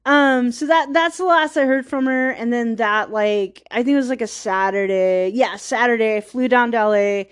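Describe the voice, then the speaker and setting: A woman's voice: a little high, steady tone, moderate pace, hardly any pauses, smooth. A woman hosting a podcast, telling a personal story in a rambling, casual way, full of "like," with wistful, self-deprecating laughs. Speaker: podcast host.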